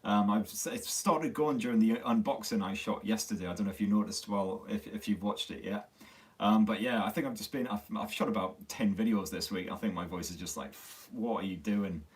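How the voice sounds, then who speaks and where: A Northern English man from Sunderland hosts a live tech stream in a lowish voice, talking a little fast. He's casual, swears freely, and teases himself, while he's slightly losing his voice and the distant mic is on a phone stream.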